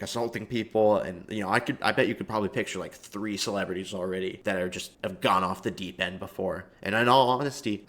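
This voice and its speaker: Rambling, profane man with a low voice. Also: a bit bright. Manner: rambling and profane, heavy fillers. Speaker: video commentator. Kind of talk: casual comedic monologue.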